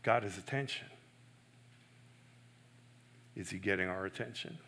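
Slow, bright-voiced man preaching. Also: low-pitched. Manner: emphatic, swinging between loud stresses and soft hushed asides; self-correcting, personal and earnest. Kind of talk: sermon.

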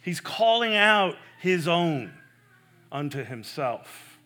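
A man preaching a sermon in an earnest, emphatic way. He swings between loud stresses and soft, hushed asides. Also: fairly high pitch, big pitch swings, slow pace. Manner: self-correcting, personal and earnest.

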